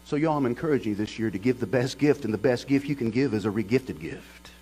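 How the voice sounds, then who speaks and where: A man's voice: mid-range voice, expressive, fast talker, dark tone, husky, poor audio. A middle-aged man, a pastor preaching a sermon as a folksy storyteller. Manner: folksy storyteller who builds to passionate preaching.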